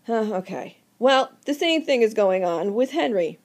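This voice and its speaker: A woman teacher lectures with theatrical energy and fires questions at her class. Her voice sits a little high and she pushes every point with emphasis. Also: expressive, unhurried, few pauses. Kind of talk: recorded literature lecture.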